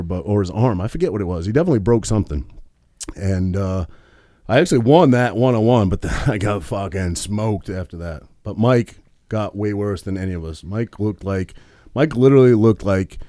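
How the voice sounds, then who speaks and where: A man, co-hosting a podcast in relaxed, profane chat full of fillers. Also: fairly low pitch, brisk, no echo, clean studio sound. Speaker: podcast co-host. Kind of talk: casual storytelling chat.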